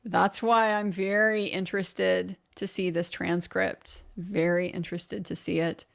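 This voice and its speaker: A woman's voice: on the low side, level tone, measured pace, creaky. A woman hosting a live legal commentary stream, reading viewer comments aloud and answering them in a conversational, opinionated way with frequent restarts. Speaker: legal commentary livestream host.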